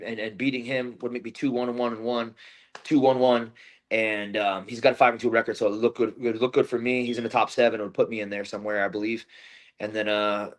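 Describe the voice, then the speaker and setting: Bare knuckle fighter guy in a post-fight interview, swears a lot, intense, lots of ums and restarts. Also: medium pitch. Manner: intense, profane trash talk with many fillers and restarts.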